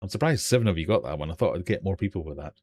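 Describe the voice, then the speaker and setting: British guy, lowish voice, running a jokey quiz on a live stream, messing about with the chat. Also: lively intonation, racing, a little mellow. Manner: playful and jokey, reading out questions and chat. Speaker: quiz host. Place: home fish room.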